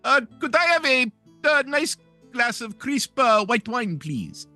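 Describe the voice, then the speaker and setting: A man voicing a tiny, prim, overly polite male frog-folk mage in a high, squeaky put-on voice. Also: very animated, measured pace, sharp tone, faint music behind, exaggerated voice.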